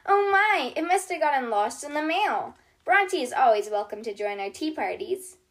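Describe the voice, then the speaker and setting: Casting: a woman playing a kind, reassuring little girl doctor, high and bright, storybook read-aloud. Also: expressive, normal speed. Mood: cheery. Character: cheerful, caring young girl toy doctor.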